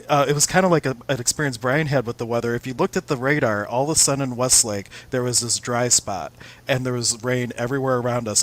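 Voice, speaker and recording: A man hosting a casual talk show, friendly and relaxed, sharing anecdotes. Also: mid-range voice. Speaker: podcast host. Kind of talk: casual chat.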